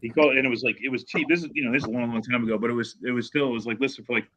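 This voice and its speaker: Upstate New York man, bright voice, loose anecdotal car talk. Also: mid-range voice, fairly even intonation, very fast, a little hiss or hum, rough recording. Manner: rambling anecdotes with fillers and restarts. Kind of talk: casual chat about cars.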